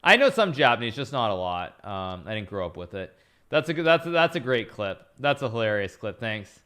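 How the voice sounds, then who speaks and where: A man's voice: medium pitch, very animated, a little fast, fairly bright tone, clean tone. A man streaming live, chatting casually as he analyzes chess games, rambling and repeating himself as he talks. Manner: thanks viewers for subscriptions between moves.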